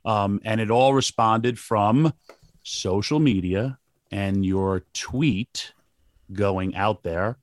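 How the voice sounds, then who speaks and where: Low-voiced male podcast host, dry sound. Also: slow pace, no echo. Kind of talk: casual interview chat.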